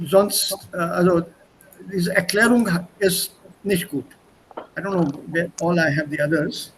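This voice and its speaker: A man's voice: high-pitched, fairly even intonation, a little slow, fairly bright tone, slight background noise, rough recording. Chatty man teaching online. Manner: chatty, repeats words, switches between languages. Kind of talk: online language lesson. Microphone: video call.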